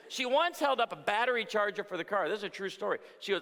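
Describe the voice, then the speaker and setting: A man in his forties tells jokes from the pulpit of a large hall, his voice bright and forceful and fairly high for a man. A long reverb trails behind his punchlines as he calls on the room for amens. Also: expressive, a little fast, hardly any pauses. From outside Chicago. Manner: joking storyteller, punchlines, asks the crowd for amens. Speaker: pastor and speaker. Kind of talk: humorous conference talk. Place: large hall before a live audience.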